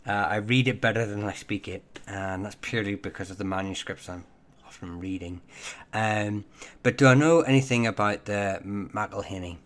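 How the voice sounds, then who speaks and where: Low-voiced man hosting a hesitant live Q&A. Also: moderate pace, a bit bright. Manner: hesitant, full of ums and self-corrections. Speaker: livestream host answering viewer questions on Irish surnames. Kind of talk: casual live Q&A chat.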